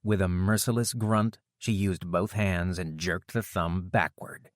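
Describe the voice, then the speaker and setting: A male audiobook narrator with a low, grounded voice and steady, measured delivery. The recording is dry and close. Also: dry recording. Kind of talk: scripted narration.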